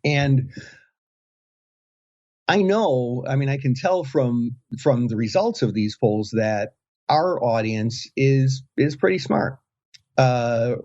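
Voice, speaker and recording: A man's voice: medium pitch, darkish tone, breathy edge. A man co-hosting a podcast, talking in a rambling, hesitant way with many restarts. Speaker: podcast co-host. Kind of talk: casual podcast chat. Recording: dull lo-fi sound.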